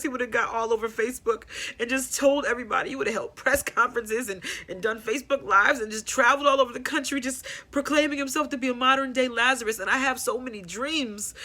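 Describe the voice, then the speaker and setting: Woman talking about grief on her podcast, halting, repeats herself, bright and kinda high voice. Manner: candid, halting, repeats phrases. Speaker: podcast host. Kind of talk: personal grief talk.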